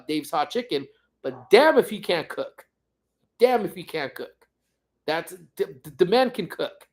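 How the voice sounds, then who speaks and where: A man hosting a casual livestream from home, reading viewer comments and rambling along with jokes and teasing. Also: on the high side. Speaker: livestream host.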